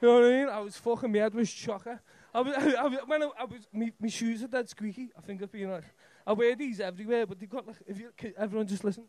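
Young Liverpool comic with a very high voice, nervous and rambling, heavy on the swearing, talking on a stage mic. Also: male voice, fast talker, few pauses, darkish tone, no room sound. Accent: Liverpool Scouse. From Liverpool, England. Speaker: stand-up comedian. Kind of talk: rambling live stand-up set. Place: comedy club stage.

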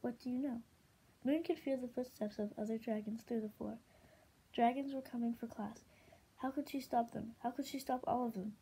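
A woman reading a novel aloud in a steady, expressive way. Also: on the high side, normal speed, slight background noise, poor audio. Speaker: audiobook reader.

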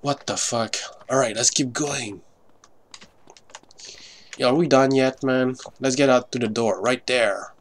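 A man's voice: mid-range voice, unhurried, pauses often. A man giving live gameplay commentary, swearing often in frustrated outbursts over keyboard clicks. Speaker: gamer.

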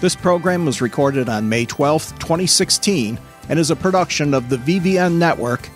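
A man hosting a music podcast, reading a plain, measured outro. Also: a little high, lively intonation. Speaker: podcast host. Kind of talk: interview and scripted outro.

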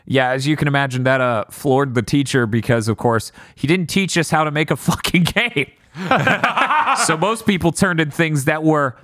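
A man hosting a podcast, telling stories in casual chat, blunt and quick to swear. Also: fairly high pitch, lively intonation, fairly bright tone, no room sound, studio quality. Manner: storytelling, blunt, swears freely. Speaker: podcast host.

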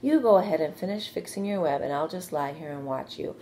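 A woman's voice: expressive, a little fast, a little mellow, slight background noise. A woman voicing a young, anxious and eager male pig in a read-aloud storybook, earnest and pleading. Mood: sleepy. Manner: earnest, pleading, higher than her narration.

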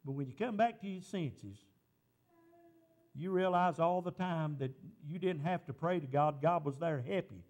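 A man's voice: fairly high pitch, normal speed, darkish tone. A male pastor preaching a sermon, telling a personal story and rising into impassioned preaching.

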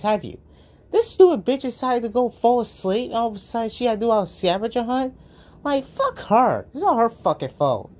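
A woman's voice: a little high, mellow. A woman hosting a reaction video, ranting with profane indignation.

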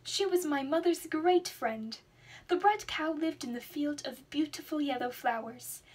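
A young woman reading a children's storybook aloud in an expressive, dramatic way. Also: high-pitched, measured pace. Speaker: student reader.

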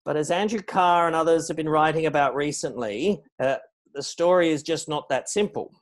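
A middle-aged man giving a public lecture as guest speaker, measured and anecdotal, stressing key words. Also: a little high. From Australia. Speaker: guest speaker on foreign policy.

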